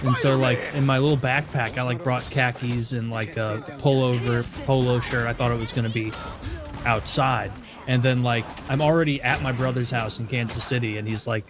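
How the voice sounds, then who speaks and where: A man's voice: mid-range voice, fairly even intonation, moderate pace. A young adult man hosting a podcast, chatting casually and rambling with lots of fillers. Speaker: podcast host. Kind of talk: casual chat.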